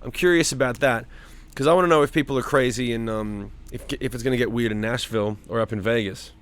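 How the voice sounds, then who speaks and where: A man's voice: medium pitch, quick pace, fairly bright tone, smooth. Casual swearing man chatting with his stream. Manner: loose, swears freely, talks to chat by name. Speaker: streamer hosting a live chat. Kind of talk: casual livestream chat reading viewer comments. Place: home.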